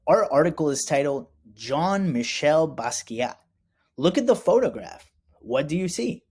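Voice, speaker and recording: Male teacher, measured and animated delivery, encouraging classroom tone. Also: fairly high pitch. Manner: slow, clear, encouraging teacher talk with repeat-after-me prompts. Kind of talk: classroom lesson for young students.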